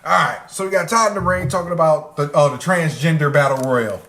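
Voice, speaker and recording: Male podcast co-host, raised pitch, profane and animated, recorded in a roomy room. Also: fairly quick, a little hiss or hum. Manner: animated, swears freely, laughs while recapping. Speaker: podcast co-host reviewing old wrestling. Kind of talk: casual profane chat.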